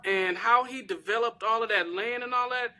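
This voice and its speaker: Bright, emphatic woman in casual chat. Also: a little high, moderate pace, faint music behind. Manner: animated, emphatic, informal slang. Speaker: guest, celebrity crafter.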